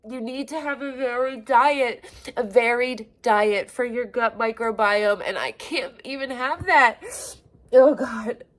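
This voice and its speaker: Woman, forties, video diary, raw emotional venting, swearing, halting restarts, slow delivery, somewhat high voice. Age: 40s. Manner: halting, restarts and trailing phrases. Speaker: vlogger.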